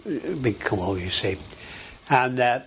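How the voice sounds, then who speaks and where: A man's voice: medium pitch, animated, moderate pace, a bit bright, slight background noise. An older man recalls his past in an archival oral history interview. He rambles, with many fillers and restarts, in an everyday conversational voice.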